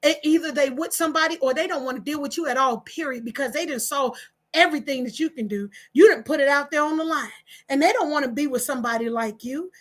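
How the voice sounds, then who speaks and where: A woman with a high-sitting voice talks fast while hosting a live relationship advice stream on her channel. Reading viewer comments, she preaches emphatically and circles back to the same phrases repeatedly.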